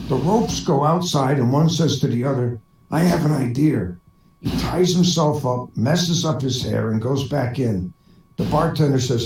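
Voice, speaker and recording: A man's voice: mid-range voice, animated, moderate pace, darkish tone, a little hiss or hum. A man telling one bar joke after another as a stand-up comedian, laughing at his own jokes. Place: online voice chat room. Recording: echoey room from far off.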